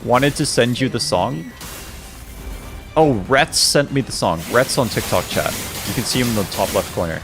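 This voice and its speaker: A man's voice: mid-range voice, normal speed, music in the background. A young man streaming games, chatting casually, laughing often and bickering playfully with his chat.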